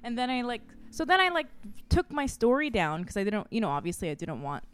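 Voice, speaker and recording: A woman in her thirties, a podcast guest, telling a story in animated casual chat and swearing freely. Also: fairly high pitch, a little fast, smooth.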